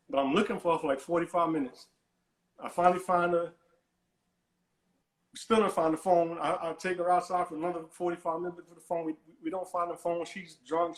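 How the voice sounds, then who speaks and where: Male caller, higher voice, rambling storyteller, roomy echo on the line. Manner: rambling, repeats and restarts words, dismissive "whatever". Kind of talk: animated storytelling on a call-in show.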